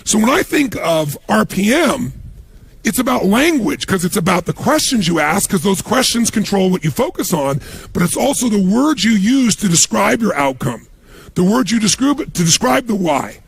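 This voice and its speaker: Male motivational speaker, gravelly husky voice, animated storyteller. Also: high-pitched, normal speed. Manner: storytelling, acts out quoted voices. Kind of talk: motivational talk.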